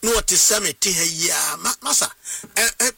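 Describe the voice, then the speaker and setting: A man's voice: high-pitched, expressive, fairly quick, creaky, husky, no echo. A man preaching a radio sermon with passion, now and then slipping into song. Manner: impassioned preaching, sometimes breaking into song. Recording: distant voice over loud music.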